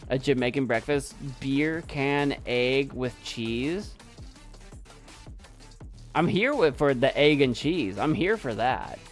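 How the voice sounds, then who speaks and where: A man's voice: mid-range voice, animated, slow pace, long pauses, faint music behind. A young man streaming from his desk at home, chatting casually in a rambling, self-doubting way and repeating himself. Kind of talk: casual live-stream chat.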